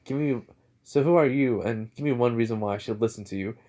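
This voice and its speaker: A man's voice: medium pitch, fast, mellow, close to an everyday voice. A man putting on a smug fire-wielding teen hero. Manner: smug, offhand and taunting. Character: cocky teenage boy hero with fire powers.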